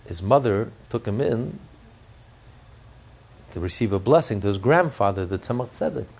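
A man's voice: fairly low pitch, gravelly, darkish tone, breathy edge. A man giving an impassioned sermon as a rabbi, often restarting his words as he searches for them.

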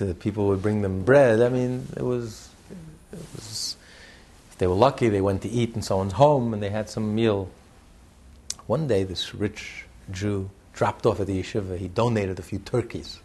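A man with a lowish, husky voice and some vocal fry teaches on a religious text. He's a lively storyteller who repeats his words and laughs often.

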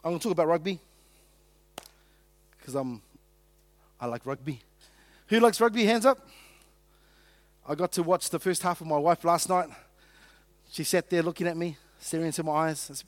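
High-voiced New pastor preaching casually. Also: male voice, moderate pace, long pauses, no echo. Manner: conversational, joking with the congregation, acting out quotes. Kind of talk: sermon.

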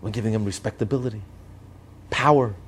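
A man's voice: lowish voice, fairly quick, slight background noise. A man giving impassioned commentary on politics and morality, driving his points home with repeated rhetorical lists. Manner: emphatic, repetitive rhetorical lists.

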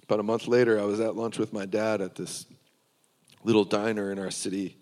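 A man's voice: fairly low pitch, flat delivery, brisk, darkish tone, in a large hall. A man preaching, telling his personal testimony in an earnest storytelling way.

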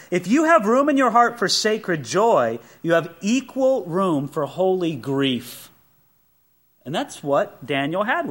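Animated, high-voiced male preacher. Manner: animated, emphatic preaching with rhetorical questions; folksy asides and personal stories. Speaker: pastor. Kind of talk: sermon.

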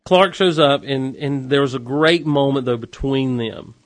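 A man with a mid-range voice chats through a TV episode recap in a loose, animated way. He throws in wry asides as he goes, and the recording is dry and close with no room echo. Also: medium pitch, measured pace.

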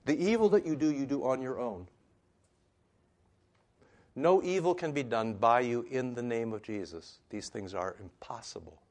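Male pastor teaching a class, middle pitch, casual and conversational, with emphatic questions. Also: moderate pace. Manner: conversational, animated, rising emphatic rhetorical questions. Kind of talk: teaching sermon.

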